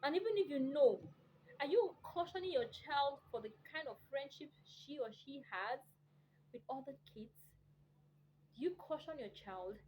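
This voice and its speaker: A woman's voice: high-pitched, expressive, moderate pace, a little mellow, slight background noise, low-quality recording. A middle-aged woman from Africa, a mother, lecturing parents in an impassioned monologue, emphatic and preachy, full of rhetorical questions. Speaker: vlogger addressing parents.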